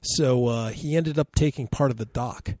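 A man's voice: mid-range voice, moderate pace, no echo. A man telling a funny flying story in casual chat, acting out the people in it. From Alaska. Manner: animated storyteller, acting out quotes in raised voices.

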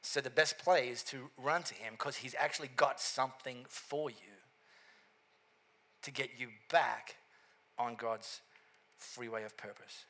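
A man preaching a sermon, telling a story with animated asides and repeated catchphrases. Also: mid-range voice, a little slow, long pauses. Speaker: pastor.

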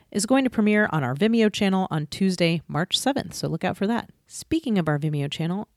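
A woman with a slightly low voice chats loosely on a podcast, rambling and self-deprecating with frequent giggles. Her sound is dry and close, with no room around it. Later she reads out the show's plugs and sponsor notes. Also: no echo. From Atlanta, US. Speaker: podcast co-host. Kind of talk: casual chat and outro announcements.

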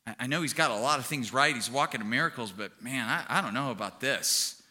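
A man's voice: medium pitch, fairly quick, sharp tone, pitched below the performer's own voice. A man voicing a doubting disciple who mutters hesitantly to himself. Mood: doubtful.

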